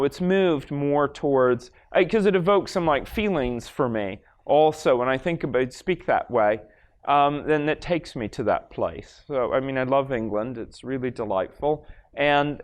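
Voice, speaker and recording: A man from Los Angeles giving a live stage presentation as a lecturer, casual and rambling, full of fillers and restarts. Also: medium pitch. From Los Angeles, USA. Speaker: lecturer demonstrating a brain scan. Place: stage in front of an audience.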